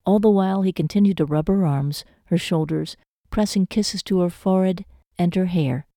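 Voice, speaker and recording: A woman narrating a romance novel audiobook in a measured, emotive storytelling manner. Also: fairly low pitch, dark tone, no room sound, studio quality.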